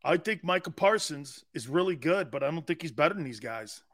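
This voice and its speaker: A middle-aged man hosting a sports talk show, rambling loudly with frequent laughs between topics. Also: on the high side, expressive, fairly quick, dry recording, clean studio sound. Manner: loud, laughing, rambling banter. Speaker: sports radio host.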